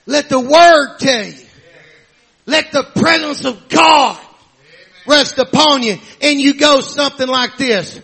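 Male preacher, very high and piercingly bright voice, fervent shouted sermon full of amens. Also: slow, vocal fry.

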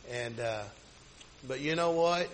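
A man's voice: mid-range voice, slow pace, a little hiss or hum, poor audio. A middle-aged man, a pastor telling a personal story in a rambling, folksy sermon style. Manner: folksy, rambling with many restarts.

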